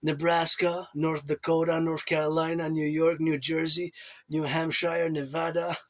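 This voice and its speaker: A man's voice: fairly high pitch, level tone, normal speed. Rambling man listing places. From Canada. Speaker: self-styled event organizer. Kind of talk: rambling monologue to camera.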